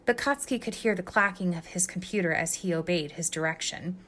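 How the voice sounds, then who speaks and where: A woman reading fan fiction aloud as a guest reader, telling it in a lively, expressive way. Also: on the low side, a little fast.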